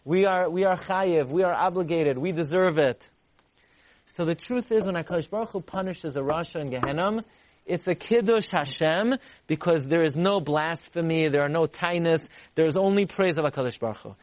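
Animated high-voiced man teaching Torah. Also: moderate pace. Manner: animated, repeats for emphasis, rises high to act out voices. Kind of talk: Torah class lecture.

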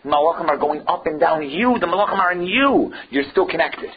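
A man's voice: on the high side, lively intonation, brisk, lo-fi sound. A man teaching a Torah lecture emphatically, firing off rhetorical questions and using Hebrew and Yiddish terms.

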